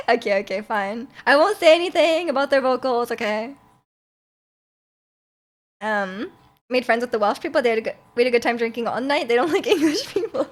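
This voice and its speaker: A woman's voice: fairly high pitch, a little slow, pauses often. A young woman, chatting casually as a livestreamer, giggling and answering her chat aloud. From Canada.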